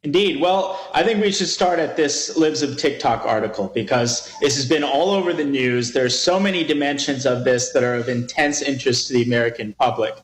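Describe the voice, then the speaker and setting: A man speaking as a guest commentator in an interview, measured and deliberate. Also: mid-range voice. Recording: roomy echo.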